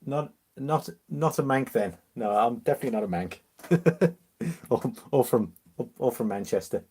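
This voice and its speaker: A man from Liverpool with a mixed English accent, mildly Liverpool, hosting a relaxed, casual live-stream chat and answering viewers. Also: mid-range voice, normal speed, husky. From Liverpool, England. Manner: chatty, relaxed, reads out viewer comments with easy laughs.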